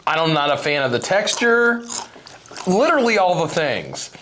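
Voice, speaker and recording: A man's voice: on the high side, big pitch swings, moderate pace, sharp tone, a little hiss or hum. A man hosting a casual snack-tasting video, joking and complaining in an exaggerated way. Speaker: channel host tasting snacks.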